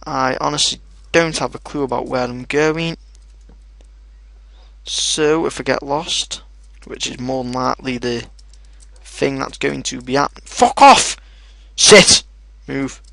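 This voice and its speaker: Gravelly, swearing game commentator. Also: male voice, mid-range voice, unhurried, no echo. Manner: excitable, swears a lot, shouts at his in-game dogs. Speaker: gaming video host. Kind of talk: casual let's play commentary.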